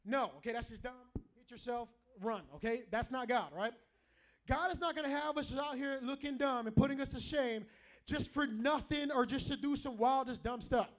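A man's voice: very high voice, moderate pace. A middle-aged man preaching a sermon in a church, joking and calling out to the congregation. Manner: animated, joking, calls out to the congregation. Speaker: pastor. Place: church hall with a live congregation.

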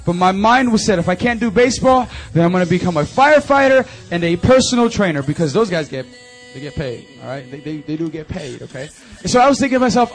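A young man in his twenties giving an animated, chatty testimony and announcements to a youth group at a church service. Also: high-pitched, fast, faint music behind. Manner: animated and conversational, full of fillers. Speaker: youth ministry speaker.

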